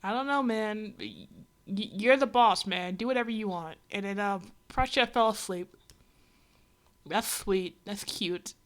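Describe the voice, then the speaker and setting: A woman streamer giving a rambling, sarcastic, exasperated running commentary on a comic. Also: mid-range voice. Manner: rambling with many asides. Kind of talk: casual reaction commentary on a comic.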